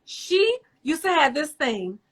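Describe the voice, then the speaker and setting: A woman talking in an animated, emotional way in casual chat, sharing warm family memories. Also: high voice, slow. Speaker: host.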